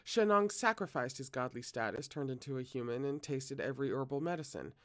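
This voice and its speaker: A man's voice: medium pitch, brisk. Man reading a novel aloud. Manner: steady, occasional self-corrections. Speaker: reader.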